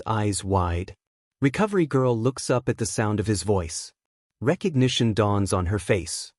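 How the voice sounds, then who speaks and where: A man narrating a fan-written story in a steady, even storytelling manner. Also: medium pitch, no echo, studio quality. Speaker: fanfic narrator.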